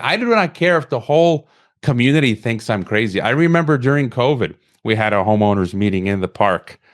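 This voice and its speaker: An impassioned male podcast host talking at a middle pitch for a man. He rambles through a long personal story, stumbling and restarting his sentences before he reaches his question. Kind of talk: conversational interview question.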